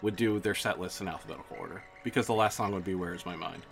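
A man's voice: deep voice, quick pace, creaky. A man co-hosting a casual book podcast, telling stories with lots of fillers. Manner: chatty, tells anecdotes with many fillers. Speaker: podcast co-host. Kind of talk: casual chat.

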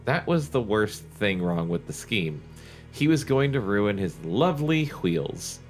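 A man's voice: fairly low pitch, very animated, a little slow, soft background music. Wry man reading aloud. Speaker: podcast co-host and reader. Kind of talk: reading a novel aloud with commentary.

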